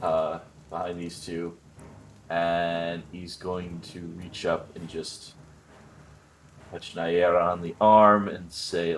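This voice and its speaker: A man playing in a tabletop game who deliberately describes his character's actions. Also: deep voice, flat delivery, faint music behind. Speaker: player. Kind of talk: casual tabletop game chat.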